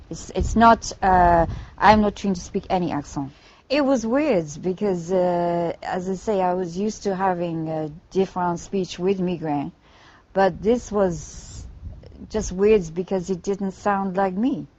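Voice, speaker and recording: An older woman answers interview questions in short, clipped phrases, leaving out small words. Her voice sits lowish, and the old broadcast clip sounds dull and lo-fi. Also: a little slow, a little mellow.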